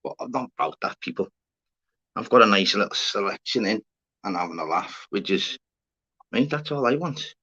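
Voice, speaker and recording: Chatty Scouse man, low voice. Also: expressive, normal speed, pushed and bright, slightly rough. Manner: chatty, swears casually, calls viewers mate and fella. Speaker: livestream host. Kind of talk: casual livestream chat with viewers. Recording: slightly dull lo-fi sound.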